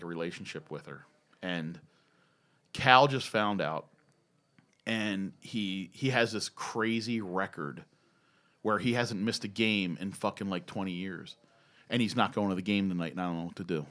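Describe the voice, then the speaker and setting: A man doing a distraught movie star, frantic, swearing, deep, hushed. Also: close to an everyday voice.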